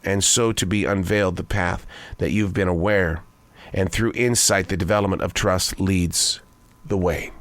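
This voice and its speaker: A man's voice: a bit bright, no echo. Older man musing in a dry close voice. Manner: musing, wandering pitch, quick bursts and slow emphatic phrases. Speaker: broadcaster and daily writer. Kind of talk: reflective spoken essay.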